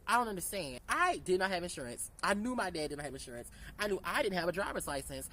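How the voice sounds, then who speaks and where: Animated, profane young woman telling a story. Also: mid-range voice, a little hiss or hum, low-quality recording. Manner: candid, profane, animated retelling with quoted dialogue. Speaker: storyteller vlogger. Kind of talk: casual storytime.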